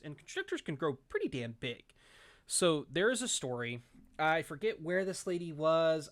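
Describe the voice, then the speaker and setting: A man's voice: fairly high pitch, a bit bright. Rambling storytelling podcast co-host, a man. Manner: rambling storyteller, many fillers and restarts. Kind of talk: casual chat.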